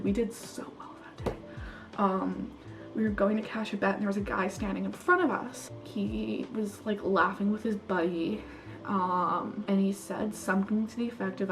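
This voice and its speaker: Young female vlogger from Canada, casual, filler-heavy storyteller, mid-pitched voice, recorded slightly off-mic. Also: recorded from a distance, low-quality recording. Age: young adult. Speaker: international student vlogger. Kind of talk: casual chat.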